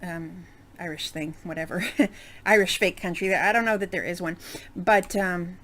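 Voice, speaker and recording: A woman's voice: fairly low pitch, fairly quick, a bit bright, a little hiss or hum. A woman giving casual let's-play commentary, chatty and rambling, with many fillers and asides. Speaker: game streamer.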